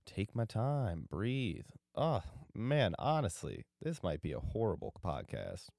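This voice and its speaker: A young man with a deep, mellow voice hosts a solo podcast. He is worn out and meanders from thought to thought, often losing track of what he was saying. His voice is recorded close and dry. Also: wildly swooping pitch, slow pace, creaky, no room sound. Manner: drowsy, meandering, loses his train of thought. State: tired. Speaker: podcast host. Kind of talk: rambling solo podcast chat.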